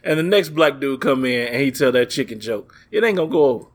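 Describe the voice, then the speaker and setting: A man co-hosting a podcast, joining in with quick banter. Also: medium pitch, animated. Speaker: podcast co-host. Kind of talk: casual chat.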